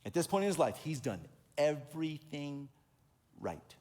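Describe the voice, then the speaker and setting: A male pastor giving a conversational sermon, telling stories and acting out other people's voices in an animated way. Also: fairly high pitch, moderate pace. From Oregon.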